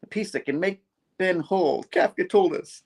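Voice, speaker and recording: A man voicing a frantic, wisecracking young male superhero in a squeaky, panicked falsetto. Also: moderate pace, darkish tone, breathy edge. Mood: pleading.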